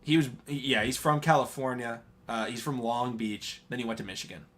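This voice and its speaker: Casting note: male co-host, bright ringing tone, rambling live-stream sports talk. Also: mid-range voice, fairly even intonation, moderate pace. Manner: rambling, hesitant, laughs often. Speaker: podcast co-host.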